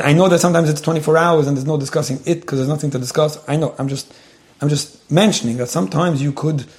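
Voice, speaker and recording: A man's voice: mid-range voice, darkish tone. A man giving earnest, conversational marriage advice to a couple.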